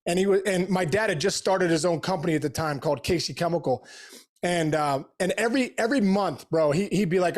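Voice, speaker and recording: A middle-aged man, a guest on an interview show, telling stories in an energetic, animated way with slangy asides. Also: sits high, fast talker. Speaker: podcast guest, former pro baseball player. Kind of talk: casual storytelling interview.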